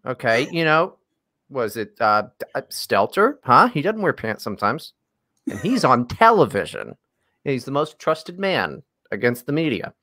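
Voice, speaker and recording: A man's voice: medium pitch, sing-song, unhurried, sharp tone. A man co-hosting a casual podcast, joking sarcastically and swearing a lot. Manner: sarcastic, profane, jokey. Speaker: podcast co-host. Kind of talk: casual comedic podcast chat.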